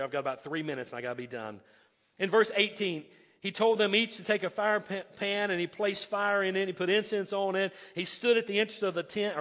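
Preaching in an echoing hall, this man speaks in a high voice with a fairly bright tone. He reads passages of scripture aloud, tosses in emphatic asides, and trips over his openings, repeating words before getting going.

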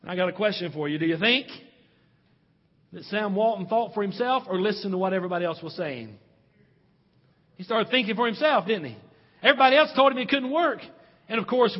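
A man's voice: high voice, long reverb tail, lo-fi sound. A male pastor preaching a sermon, stressing points and putting questions to his congregation.

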